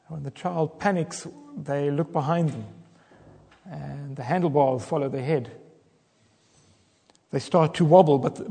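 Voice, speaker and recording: A man preaching in a hall with a long, ringing reverb. His voice sits a little high for a man, and his delivery turns dramatic, swelling into fervent cries as he quotes pleading prayers. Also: gravelly, warm tone, slightly rough. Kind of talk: sermon.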